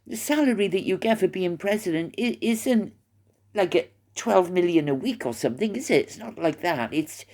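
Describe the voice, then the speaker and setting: A woman's voice: fairly low pitch, animated, moderate pace, a little mellow. An older woman vlogging from her retirement home, chatting in a rambling, gossipy way with many fillers. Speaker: YouTuber. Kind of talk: casual chat to camera.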